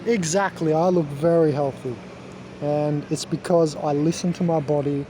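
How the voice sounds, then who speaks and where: A man's voice: fairly high pitch, fairly even intonation, moderate pace, warm tone, a little hiss or hum. A man rambling to camera as a wellness vlogger, emphatic and self-assured, lecturing his viewers.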